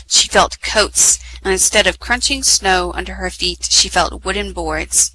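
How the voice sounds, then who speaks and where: A woman reading children's stories aloud, with a bright, clear voice at a middle pitch. She keeps a measured read-aloud pace, and a little faint noise sits under her headset mic. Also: rough recording. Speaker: storyteller.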